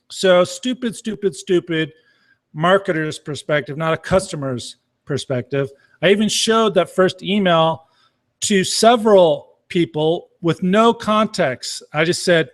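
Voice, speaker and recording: Man, middle-aged, casual Q&A, blunt, swears casually, slightly high-pitched. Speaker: marketing coach answering questions. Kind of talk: casual Q&A talk.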